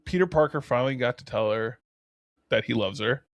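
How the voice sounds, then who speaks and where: A young man co-hosting a podcast in casual chat, animated and laughing as he acts out his own reactions. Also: mid-range voice, fairly quick, gravelly, no room sound, lo-fi sound. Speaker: podcast co-host.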